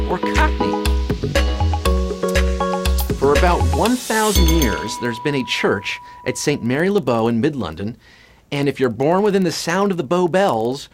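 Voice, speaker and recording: A man hosting a live trivia game, reading questions and cracking puns and jokes between answers. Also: sits high. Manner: punning, joking, reads questions briskly. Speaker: quiz show host. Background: music.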